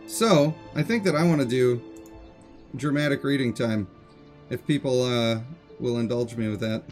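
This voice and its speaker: A man's voice: medium pitch, darkish tone. A man streaming a game live, chatting casually and joking with his viewers. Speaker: gaming streamer.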